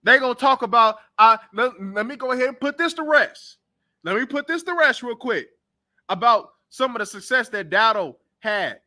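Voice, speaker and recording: A man's voice: extremely high pitch, lively intonation, moderate pace, bright, forceful tone. A young man hosting a sports talk show, ranting casually and bluntly about his team and trash-talking its players. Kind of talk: casual sports reaction rant.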